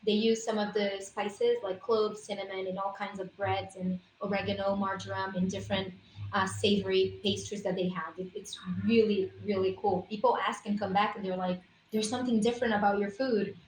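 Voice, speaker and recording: A woman's voice: medium pitch, level tone, fairly quick, reverberant, slight background noise, low-quality recording. A woman on a casual livestream, explaining essential oils in a persuasive, emphatic, informal way.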